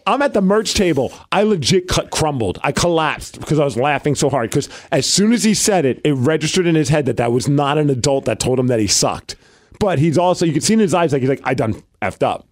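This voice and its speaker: Lively, animated man telling a story. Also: fairly high pitch, quick pace. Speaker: podcast co-host and wrestler. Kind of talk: casual chat, storytelling.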